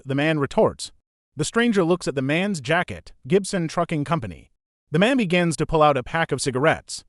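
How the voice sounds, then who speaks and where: A man reading a reddit story aloud as scripted narration, voicing every character in the same even narrating voice. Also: fairly high pitch, no room sound, clean studio sound.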